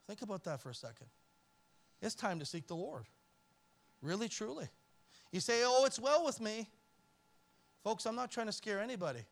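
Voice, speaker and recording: A man preaching a sermon in church as pastor, swinging from loud emphasis to near-whispered pleading. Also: high-pitched. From Canada.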